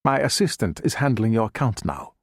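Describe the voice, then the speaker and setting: A man voicing a smooth, evasive middle-aged male banker with a placating way of talking. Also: on the low side, big pitch swings, a little fast, no echo, clean studio sound.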